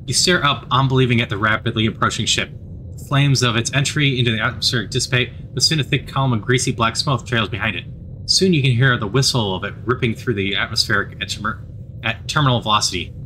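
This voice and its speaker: A man narrating a story game aloud, with animated, expressive narration. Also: medium pitch, fast, a little hiss or hum.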